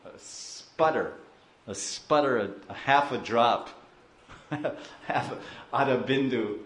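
A man giving a slow, emotive devotional sermon, acting out crying devotees. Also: medium pitch, fairly bright tone, reverberant. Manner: slow, emotive, acts out crying devotees and mixes in Hindi and Sanskrit terms. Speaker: spiritual teacher.

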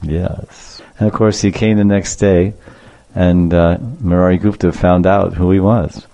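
A man's voice: sits low, fairly even intonation, moderate pace, dark tone. A man giving a devotional sermon, telling a story and acting out the quotes with laughter. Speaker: preacher.

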